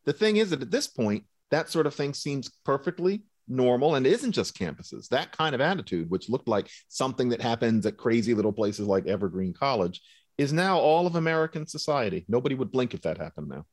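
A man's voice: mid-range voice, sing-song, a little fast, no room sound, clean studio sound. Articulate man answering as a professor. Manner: articulate, analytical, explains in long connected sentences. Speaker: guest, linguistics professor. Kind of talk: interview answers on a radio show.

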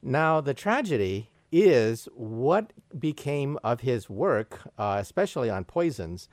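Male interviewer, animated pitch, dry booth. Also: dry recording. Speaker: radio interviewer. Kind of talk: radio interview questions.

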